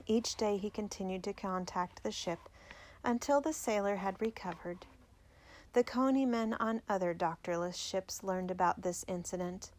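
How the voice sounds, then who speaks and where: A woman narrating a biography aloud in a measured, clear storytelling manner. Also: medium pitch, darkish tone.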